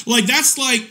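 A man's voice: extremely high pitch, pushed and bright. A man hosting a livestream, ranting profanely and mockingly about an online creator, often breaking into laughter. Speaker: drama commentary streamer.

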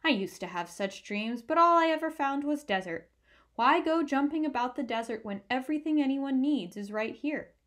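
A woman's voice: on the high side, sing-song, normal speed, few pauses. A woman voicing a fat old male mouse in a storybook, scornful and snorting.

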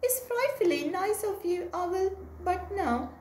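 A woman's voice: very high-pitched, expressive, slow pace, darkish tone, a little hiss or hum, heavily acted. A woman voicing a clever, cheeky little brown mouse in a playful sing-song storybook voice. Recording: roomy echo.

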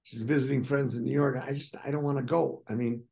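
A man from Milwaukee, a guest in a casual interview, talking in a halting, self-deprecating way with many restarts. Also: medium pitch, steady tone, gravelly, a little mellow.

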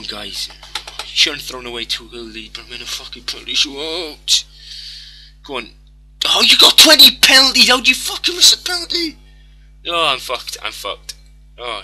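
A young man commentating on his own game. His voice is piercingly bright and tense, and he curses nonstop, dropping to a mutter and then bursting into shouts. Faint game music sits behind him. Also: fairly low pitch, poor audio. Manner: frantic, swearing constantly, muttering under breath then yelling. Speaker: gamer. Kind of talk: live gameplay commentary.

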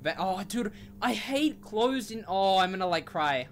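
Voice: medium pitch, expressive, measured pace, hardly any pauses, a little hiss or hum. A young streamer playing a horror game, talking in a panicky, slangy way with shrieks and dramatic whining. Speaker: gaming streamer. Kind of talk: horror game let's play commentary.

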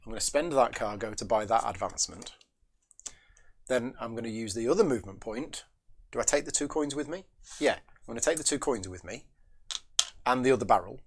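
A man hosting a solo board game playthrough, thinking his moves through aloud, asking and answering his own questions, and chatting with viewers between moves. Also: mid-range voice. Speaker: board game channel host.

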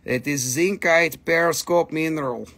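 A man running a live mineral sale. He talks slowly in a gravelly, husky voice that sits a little high for a man. His chat is loose and playful, and he banters with his dogs as he goes. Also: fairly bright tone. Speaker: host selling minerals on a live stream. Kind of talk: casual live sales chat.

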